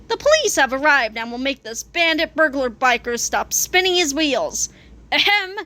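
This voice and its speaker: Woman narrator reading a comic aloud, high and bright voice, playful sing-song storybook delivery. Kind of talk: reading a graphic novel aloud.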